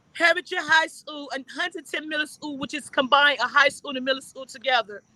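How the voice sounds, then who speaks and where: A woman hosting a live stream delivers the news with earnest emphasis, leaning hard on key points. Her voice sits high and rings bright and forceful. The sound is dry and close. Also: no room sound, low-quality recording. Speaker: livestream host and citizen reporter. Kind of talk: live news-style livestream.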